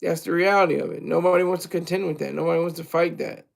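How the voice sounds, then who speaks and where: High, gravelly-voiced man ranting. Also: steady tone, fast talker. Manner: crude, mocking, rambling. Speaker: streamer. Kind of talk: livestream commentary rant.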